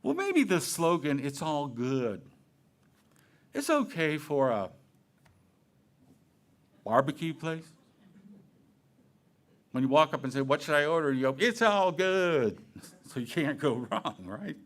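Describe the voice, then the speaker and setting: A man giving a Sunday talk in a relaxed, conversational way, with playful asides and questions to himself. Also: fairly high pitch, a little slow, long pauses. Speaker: minister. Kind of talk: sermon.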